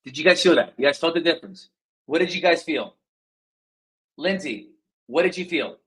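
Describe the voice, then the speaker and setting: An energetic man with a fairly high voice runs a live coaching session. He talks straight to his viewers, keeps checking in with them, and acts out sample phone lines to show how tone changes them. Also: moderate pace, rough recording. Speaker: sales coach. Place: indoor livestream.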